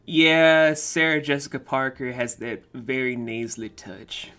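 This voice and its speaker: A man's voice: mid-range voice, measured pace, bright, forceful tone, smooth. A man hosting a casual online interview, chatty and joking, with frequent asides. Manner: joking, chatty, slips into comic voices. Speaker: interview host.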